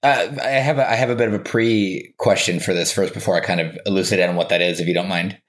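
A man with a deep voice talks at a quick pace while chatting casually as a podcast guest. He's playful and teasing, making up fake facts with a straight face.

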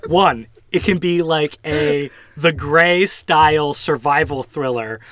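A young man chatting casually as a podcast co-host, throwing in quick jokey asides. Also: on the high side, fairly bright tone, no room sound. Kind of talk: casual chat.

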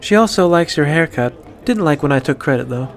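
A man's voice: fairly high pitch, lively intonation, brisk, voice pushed up. A man putting on a tipsy teasing woman warrior. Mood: mischievous. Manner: slurred, sarcastic.

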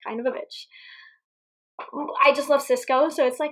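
A young woman co-hosting a casual movie recap podcast, animated and quick to laugh, swearing freely. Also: sits high. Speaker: podcast co-host.

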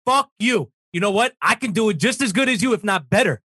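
A man's voice: high voice, animated, a little fast, pushed and bright, husky, no room sound, clean studio sound. A man on a political talk show, ranting heatedly and swearing emphatically.

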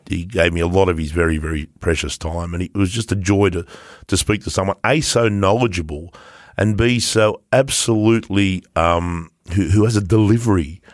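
Swearing freely and laughing a lot, this man co-hosts a podcast and spins stories in relaxed chat. His low voice moves at normal speed, captured in clean studio sound with no echo.

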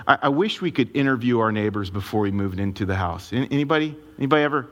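A man preaching a sermon as a pastor, telling a personal story in an animated, emotional way. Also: medium pitch, fast, few pauses, lo-fi sound.

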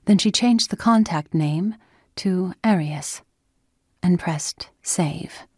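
Woman reading a novel, lowish voice, dead dry mic. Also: slow pace, a little mellow, breathy edge, no room sound. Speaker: audiobook narrator. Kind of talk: scripted narration.

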